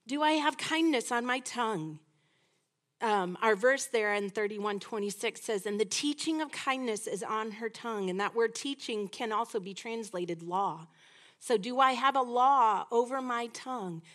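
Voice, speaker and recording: A middle-aged woman teaching a women's Bible study lesson in a lively, conversational way, acting out little quoted exchanges as she goes. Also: on the high side, normal speed.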